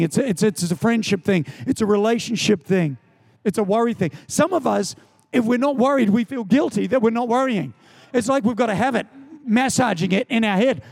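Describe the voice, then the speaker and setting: A man preaching a sermon, animated and emphatic, with storytelling and repeated lines. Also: sits high, vocal fry. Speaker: pastor.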